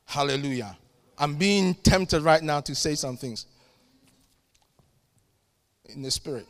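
Man preaching a sermon, pretty high voice, big church reverb, gets loud then drops quiet. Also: animated, measured pace, pauses often. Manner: fervent preaching with sudden loud peaks and quiet asides. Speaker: pastor.

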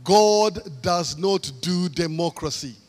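A man's voice: sits high, slow, faint music behind. A man from Kenya preaching a sermon, stressing key phrases by repeating them. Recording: long hall reverb.

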